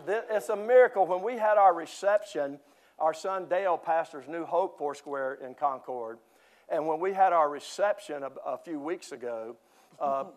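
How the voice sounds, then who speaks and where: A church sermon comes from an older man whose voice is slightly high and dark in tone. This pastor weaves in humorous stories and laughs often at his own jokes.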